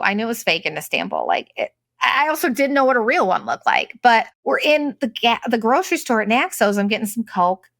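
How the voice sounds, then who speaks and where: A woman's voice: high-pitched, bright, forceful tone, no echo, clean studio sound. A middle-aged woman hosting a podcast, telling travel stories in a rambling, sarcastic, chatty way full of "like". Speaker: podcast host. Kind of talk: casual storytelling monologue.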